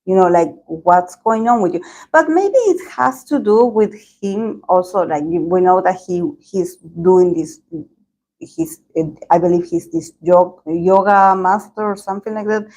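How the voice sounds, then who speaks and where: A woman doing a tarot reading for her channel, her voice sitting a little low. She talks in an unhurried, drawn-out way, wandering and hedging through her thoughts with frequent pauses. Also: darkish tone, low-quality recording. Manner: meandering, hedging talk with many pauses. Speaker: tarot reader.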